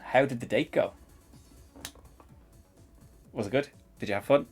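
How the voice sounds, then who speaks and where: A man's voice: mid-range voice, measured pace, long pauses, slightly rough, faint music behind. A man with a Northern Irish accent, streaming a live coding tutorial and chatting in a rambling, chuckling way. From Northern Ireland. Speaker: programming streamer.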